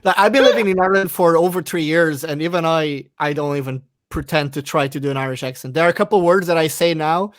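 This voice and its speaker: A man comedian co-hosting a podcast, thinking aloud in a halting way. His voice sits slightly high. The recording is dry and close, with no room sound. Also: no echo. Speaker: comedian, co-host. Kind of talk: casual chat.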